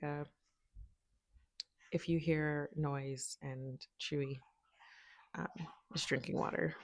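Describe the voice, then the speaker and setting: A woman's voice: low-pitched, no room sound, studio quality. A woman chatting casually to a camera propped by her window at home, rambling, laughing often and talking to her dogs. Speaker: spiritual video creator.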